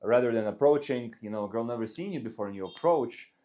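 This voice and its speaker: A man's voice: mid-range voice, lively intonation, fast talker, mellow, muffled recording. Man giving casual dating advice. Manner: loose, repetitive, talks through examples.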